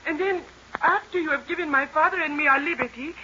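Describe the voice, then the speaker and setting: Tearful captive senorita, high bright voice, muffled old radio sound. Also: female voice, fast, slight background noise. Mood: bargaining. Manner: pleading, tearful, tense. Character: distraught young Spanish woman, a captive daughter. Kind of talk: 1930s radio drama acting.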